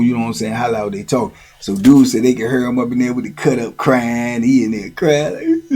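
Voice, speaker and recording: In a medium-pitched voice with a darkish tone and a breathy edge, a man hosts a laid-back monologue of prison stories. His street slang is thick, and he keeps asking "you know what I'm saying."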